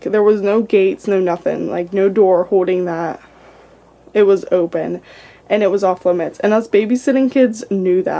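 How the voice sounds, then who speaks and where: Indoors in a house, a young woman who vlogs about the paranormal gives a casual tour. Her voice is medium-pitched, gravelly, and warm, and she chats away, saying "like" constantly.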